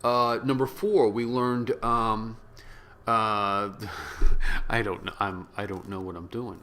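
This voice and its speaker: A man hosting a reaction video, rambling and joking in a casual way, now and then bursting into loud shouts. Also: mid-range voice, expressive, unhurried. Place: small room with yellow walls.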